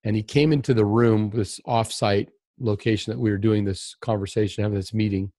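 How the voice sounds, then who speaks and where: A man's voice: lowish voice, fairly even intonation, a little fast, mellow, dry recording. A man on a podcast talking as a guest, earnest and reflective, often restarting his sentences as he tells a candid personal story.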